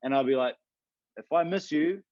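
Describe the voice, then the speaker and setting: A man's voice: on the high side, normal speed, no room sound, dull audio. A man who works as a fitness coach, co-hosting a podcast in casual chat, earnest and emphatic.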